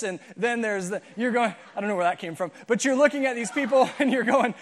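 A man with a high, light voice preaches in a loose, conversational way. He jokes and wanders into asides as he leads his congregation through the passage. His delivery stays chatty and unpolished. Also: animated, moderate pace, few pauses. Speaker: pastor. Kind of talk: sermon. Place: church auditorium.

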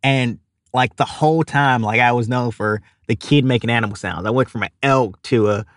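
At a moderate pace and medium pitch, a young man with a Louisiana drawl shares a story as an interview guest. This animal caller acts out the other people and laughs as he goes. The recording is dry and close, with no room sound.

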